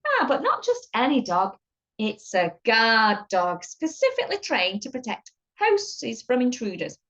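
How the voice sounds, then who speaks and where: A woman voicing a bumbling, eager man with squeaky shoes who yelps in a high voice. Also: huge pitch swings, a little slow, fairly bright tone, heavily acted. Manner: high yelping cries, cheerful and dim. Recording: dull lo-fi recording.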